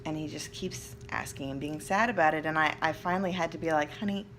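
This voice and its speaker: A woman vlogger rambling candidly at home about family life, chatty and self-deprecating with quick jokes, recorded on a hand-held phone. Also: low voice, fairly even intonation, fairly bright tone, slight background noise. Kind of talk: casual personal rambling vlog. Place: at home, seated. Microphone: phone camera held in hand.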